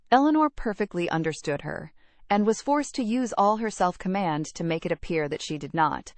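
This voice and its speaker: A woman narrating a classic novel aloud in a measured, even reading. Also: fairly low pitch, no room sound. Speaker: audiobook narrator. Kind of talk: scripted narration.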